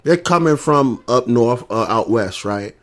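A man's voice: mid-range voice, animated, measured pace, a bit bright. A man with a Southern US accent delivering a combative, profane, repetitive rant. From American South. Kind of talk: ranting monologue.

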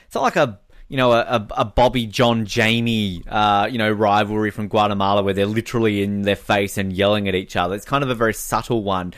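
Animated man co-hosting a podcast. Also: on the low side, fairly quick. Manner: animated, mimics people in quotes. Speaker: podcast co-host. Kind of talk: casual chat.

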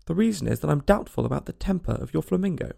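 A man's voice: fairly high pitch, lively intonation, fast talker, creaky, mellow, full character voice. A man voicing a fussy old duchess in a storybook reading, preachy and agreeable in a sing-song manner.

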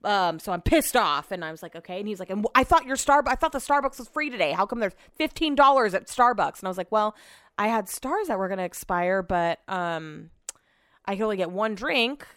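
Woman, casual storytelling, chatty, blunt, smooth clear voice, dry close sound. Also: mid-range voice, lively intonation, fairly quick, fairly bright tone, no room sound. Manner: chatty, retells conversations with lots of "I was like".

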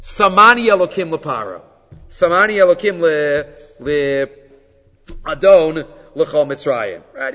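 A man teaching a Torah class on the weekly portion, telling stories with animated energy and mixing Hebrew quotes into English explanation. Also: high voice. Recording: dull recording with long hall reverb.

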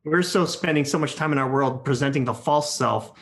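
A man's voice: medium pitch, brisk, fairly bright tone. A man co-hosting a podcast, reflecting thoughtfully and a bit rambling. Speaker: podcast co-host. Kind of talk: casual podcast conversation.

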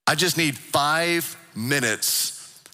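A man voicing a frazzled mother elephant who begs, stammering, for a few minutes of quiet. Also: on the high side, very slow, voice pushed up, heavily acted. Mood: exasperated. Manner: exasperated, pleading, stammering.

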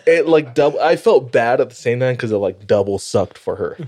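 A man's voice: mid-range voice, animated, a little fast, darkish tone. A man co-hosting a podcast, telling stories in casual chat and laughing often. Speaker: podcast co-host.

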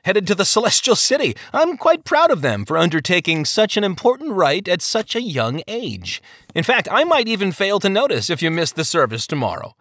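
A man's voice: high voice, huge pitch swings, moderate pace, a bit bright, no room sound, studio quality, pitched above the performer's own voice, full character voice. A man putting on a genial, worldly parson. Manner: genial, indulgent. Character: worldly, easygoing male parson.

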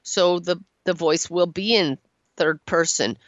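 A woman's voice: on the low side, a little slow, dry recording, dull audio. Encouraging woman hosting a call-in show. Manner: warm-voiced, encouraging, laughs often. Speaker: radio show host and channeler. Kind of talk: call-in radio talk. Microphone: studio microphone.

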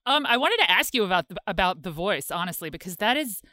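Bright, chatty female host. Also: mid-range voice, sing-song, quick pace, no echo, clean studio sound. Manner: chatty, hesitant questions. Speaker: podcast co-host. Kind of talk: interview conversation.

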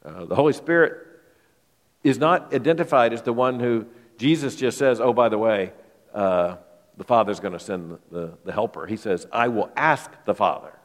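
A man's voice: lowish voice, moderate pace. A male pastor preaching an expository sermon to his congregation, emphatic, often repeating words as he thinks aloud. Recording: long hall reverb.

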